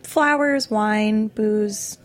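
A woman's voice: medium pitch, very slow. A woman who is a chef, chatting as a guest on a podcast in a playful, joking way. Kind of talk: casual chat.

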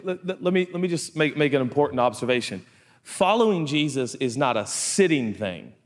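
A man delivers a sermon as a lively story. He slips into the people he describes and throws in playful side comments. His mid-pitched voice carries a long reverb, as if it fills a large hall. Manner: animated storytelling with playful asides. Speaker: pastor.

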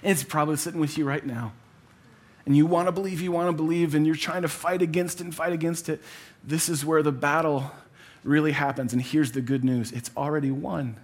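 With a fairly high, breathy voice, this pastor in his thirties addresses his church by recounting a personal family story. He stays earnest and conversational, acting out what people said.

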